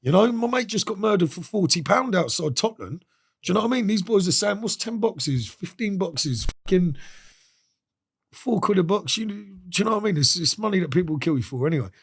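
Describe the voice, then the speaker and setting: A man's voice: high voice, expressive, a little fast, creaky, slightly rough. A man, a podcast guest telling a story in a casual interview. He talks in a streetwise way, swears freely and acts out the voices of the people he quotes.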